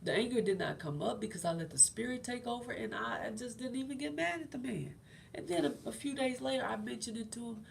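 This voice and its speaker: Gravelly-voiced woman giving casual faith talk. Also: on the high side, quick pace, a little hiss or hum. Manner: conversational and encouraging, repeats phrases. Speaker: host.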